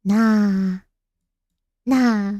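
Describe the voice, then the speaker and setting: A woman's voice: mid-range voice, fairly even intonation, drawn-out words, mellow, dry recording. Giggly young woman from Australia, dry sound. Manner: playful, giggly, rambling. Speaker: vtuber streamer. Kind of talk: casual late-night chat.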